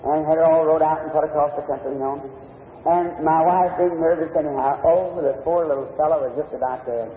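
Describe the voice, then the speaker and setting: A man preaches a sermon, spinning a personal story in a homespun, plain-spoken way, his voice a little on the high side. He sounds far from the microphone, with the long echo of a big hall around him. The old recording is thin and tinny, with a faint rumble underneath. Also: steady tone, fairly quick. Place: large meeting hall with an audience.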